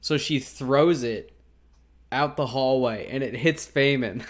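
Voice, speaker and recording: A man's voice: medium pitch, slow pace. A man co-hosting a podcast, recapping a TV episode in casual chat, laughing often and swearing freely. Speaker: podcast co-host.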